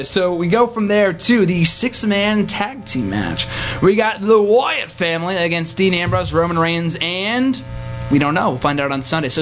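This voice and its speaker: Male host, energetic and jokey, higher voice, quiet music in the background. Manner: excitable, jokey, quick to shout. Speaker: podcast host. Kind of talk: casual wrestling radio chat. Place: small college radio studio.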